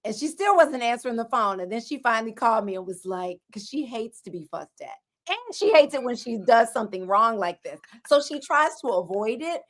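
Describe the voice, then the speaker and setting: High, lively woman co-host. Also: a little fast. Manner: animated storytelling, fussing with humor. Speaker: podcast co-host. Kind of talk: casual chat.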